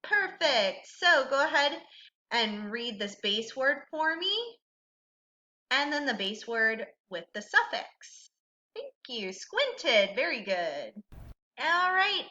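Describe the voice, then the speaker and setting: A woman's voice: sits high, pushed and bright, lo-fi sound. A woman teaching a recorded reading lesson to a child, patient and encouraging, asking questions and then answering them herself.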